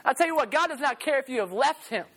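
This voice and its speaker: A young man preaching a sermon to a youth service, loud and animated, laughing now and then. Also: extremely high pitch, quick pace.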